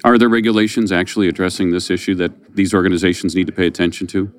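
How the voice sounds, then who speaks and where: A man's voice: sits low, fairly even intonation, quick pace, smooth. A man hosting an interview, asking questions in a conversational, lightly sarcastic way. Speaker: interviewer host.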